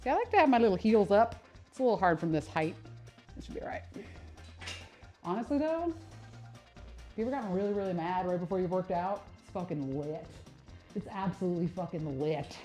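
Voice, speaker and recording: A woman's voice: on the low side, brisk, pauses often, soft background music. A woman who works as a personal trainer, chatting casually and swearing on a live stream while she exercises, laughing at herself often. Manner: animated, swearing, self-mocking, laughs often.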